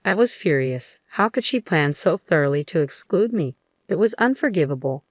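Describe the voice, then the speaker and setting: A woman narrating a first-person story in an even, matter-of-fact scripted reading. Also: low-pitched, normal speed, no echo.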